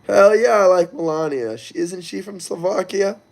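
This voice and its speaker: Reading his chat's messages aloud and answering them directly, a man with a high voice hosts a relaxed livestream full of crude, loose talk. His voice is gravelly, at a moderate pace.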